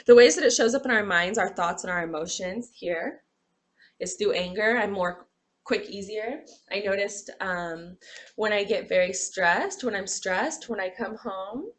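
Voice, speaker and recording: A woman's voice: medium pitch, unhurried. A woman giving a classroom lecture, talking expressively and acting out examples with sighs and groans.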